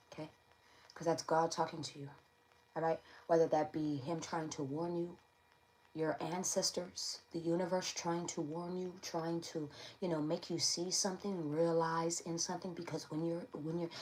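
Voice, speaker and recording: A woman's voice: low voice, poor audio. A woman giving a casual tarot reading to camera, slangy and playful, often checking in with her listeners. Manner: slangy, playful, keeps checking in with "all right?". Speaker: tarot reader.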